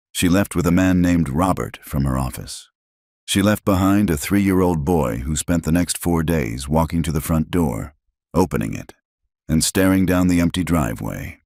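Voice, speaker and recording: Very deep-voiced man narrating a story. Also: darkish tone, no room sound, studio quality. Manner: measured, dramatic pauses. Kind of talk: first-person scripted story narration.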